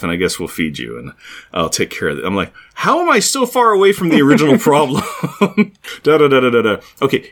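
A man co-hosting a casual podcast, his pitch swinging up and down in a lively way as he tells a long, rambling story. He acts out the quoted lines of the people in it. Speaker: podcast co-host. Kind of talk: casual chat.

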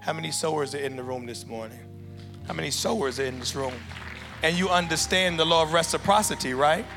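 A man preaching in a church, leading a loud, chanting prayer with call-and-response before an offering appeal. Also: fairly high pitch, brisk, in a large hall. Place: church sanctuary with congregation. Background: church music playing.

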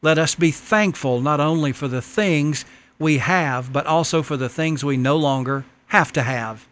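A man's voice: on the high side, a little slow, fairly bright tone. A man preaching a sermon, earnestly reading a letter and a story aloud to the congregation.

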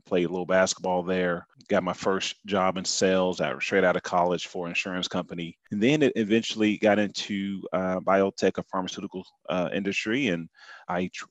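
Deep-voiced man with an Oklahoma twang. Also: no echo. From Oklahoma City. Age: adult, married father. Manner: easygoing, folksy, uses y'all. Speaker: podcast guest. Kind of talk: casual conversation.

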